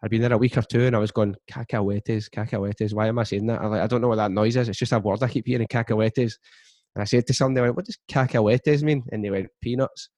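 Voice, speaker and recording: Male guest, low flat storyteller, dry booth sound. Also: rapid-fire, hardly any pauses, no echo. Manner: steady storytelling, frequent restarts. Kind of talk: casual chat.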